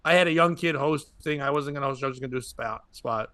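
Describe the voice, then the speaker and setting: A man's voice: medium pitch, quick pace, bright, forceful tone, clean tone, no room sound. A man, a comedian and podcast host, tells a rambling stand-up story and acts out other people's lines as he goes.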